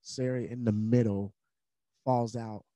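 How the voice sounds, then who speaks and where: A man's voice: mid-range voice, steady tone, measured pace, warm tone, dry recording. A man, a podcast guest, telling a personal story in an earnest, candid conversational way, with fillers and moments of emotion.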